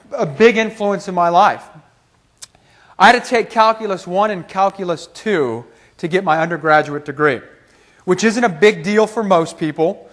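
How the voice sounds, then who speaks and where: A man giving a teacher training talk as a motivational speaker, telling a personal story with animated humor. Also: sits high.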